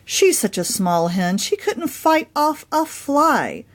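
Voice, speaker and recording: A woman's voice: high voice, sing-song, slow pace, exaggerated voice. A woman voicing a flock of scornful hens in a children's storybook read-aloud. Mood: mocking. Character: mocking flock of hens, female.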